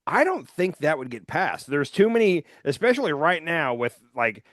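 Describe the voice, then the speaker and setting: A man's voice: on the high side, very animated, normal speed, a bit bright, dry recording, clean studio sound. A man co-hosting a podcast who chats casually about politics, rambling and filling his talk with "like" and "um". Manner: loose and rambling, heavy on "like" and "um". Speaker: podcast co-host.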